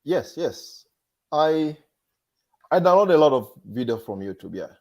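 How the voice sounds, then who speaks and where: A man's voice: on the high side, big pitch swings, measured pace. Hesitant man, DJ guest. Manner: hesitant, restarts sentences, soft-spoken. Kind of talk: casual interview chat.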